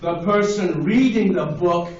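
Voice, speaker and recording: A woman's voice: fairly low pitch, unhurried. A woman reading a book aloud to a group of children at a library, playful and full of mock dismay. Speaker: children's storyteller. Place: public library, large echoey room. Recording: echoey, distant, dull, noisy library recording. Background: children's voices and laughter.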